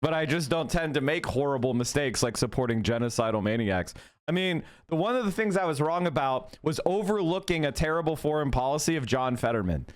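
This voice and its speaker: Man, political streamer, combative and foul-mouthed, voice swinging up and down a lot, pitched a bit high. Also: lively intonation, fairly quick. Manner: combative, profane, mocking. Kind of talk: live-stream rant to chat.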